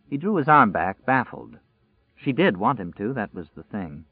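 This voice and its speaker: A man narrating a novel in a measured, even storytelling voice. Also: on the low side, husky, dry recording. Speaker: audiobook narrator. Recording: dry, tinny phone-like sound.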